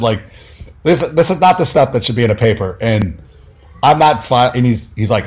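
A man's voice: mid-range voice, moderate pace. A man, a sports writer, telling stories casually in an interview, full of fillers and acted-out quotes. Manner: animated, many fillers, acts out quoted dialogue.

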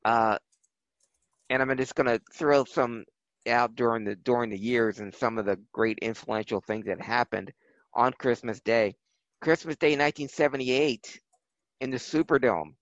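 A man co-hosting a wrestling podcast, telling history in a relaxed way with many fillers and restarts. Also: mid-range voice, normal speed, no room sound, dull audio. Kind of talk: casual chat.

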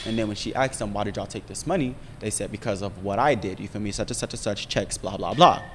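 A young man telling a long personal story in casual chat, profane and animated, often checking in with his listener. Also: fairly low pitch, fast, long reverb tail, a little hiss or hum. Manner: profane, animated storytelling with frequent "you feel me". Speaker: podcast storyteller.

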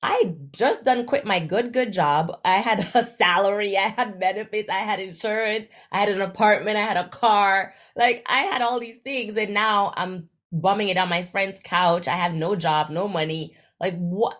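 A young woman from Jamaica, telling her story as an interview guest in a casual, animated way and acting out the dialogue she quotes. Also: moderate pace, few pauses. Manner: animated, acts out quoted dialogue with big jumps in pitch. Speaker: guest, travel influencer.

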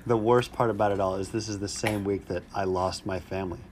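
A man with a lowish voice hosts a casual podcast and delivers his jokes with a deadpan, mock-sad tone. A faint hiss of background noise runs under the recording. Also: a little fast. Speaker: podcast host. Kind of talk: casual comedic podcast chat.

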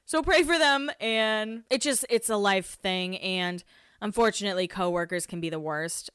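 A woman's voice: medium pitch, fairly bright tone, clean tone, no echo, clean studio sound. A woman in her late twenties, telling stories in casual chat, candid and laughing easily, with frequent swearing. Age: 20s. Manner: chatty and candid, swears freely, laughs often. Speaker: podcast host.

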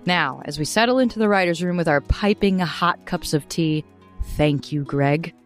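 A woman narrating a tabletop role-playing game as game master, in a slow, descriptive storytelling manner. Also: fairly low pitch, soft background music.

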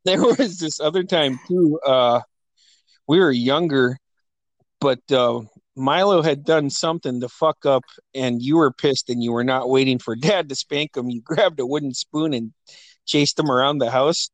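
A man's voice: mid-range voice, a little slow, no echo, poor audio. A young adult man hosting a podcast, telling family stories in a casual, profane way and often laughing. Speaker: podcast host.

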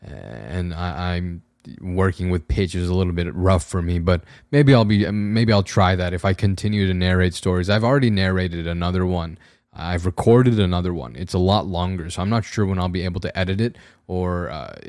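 A young man hosting his own podcast, talking casually in a slightly raspy voice, rambling in a wry, self-deprecating way with frequent restarts. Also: low voice, darkish tone, no echo, studio quality. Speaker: podcast host. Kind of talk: casual solo podcast monologue. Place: room at home with a camera on a tripod.

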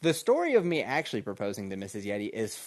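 A man's voice: lowish voice, huge pitch swings, fast, darkish tone. A podcast host, a man, telling a casual, laid-back story, laughing often and calling listeners "man".

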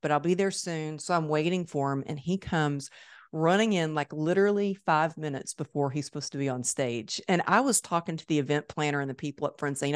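In a conversational interview, this low-voiced woman podcast host tells a story briskly, acting out each quoted voice with animation. It's a dry recording with clean studio sound.

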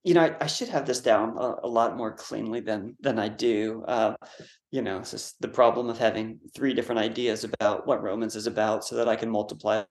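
A man's voice: lowish voice, fairly even intonation, fairly quick. A man who is a guest author and scholar, thoughtfully explaining ideas in an interview, with fillers and self-corrections. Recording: roomy echo.

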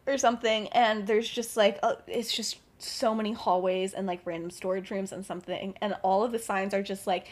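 A woman's voice: mid-range voice, steady tone, normal speed, few pauses. A young woman casually retelling a story on a podcast, full of fillers and acted-out lines. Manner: rambling, filler-heavy, acts out characters with laughs. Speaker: podcast co-host.

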